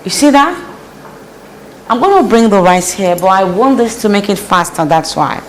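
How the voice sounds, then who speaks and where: A woman's voice: medium pitch, animated, moderate pace, slight background noise, rough recording. A woman hosting a casual cooking vlog in her home kitchen, giving repetitive, preachy advice as she cooks. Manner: preachy, repeats phrases for emphasis. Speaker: host.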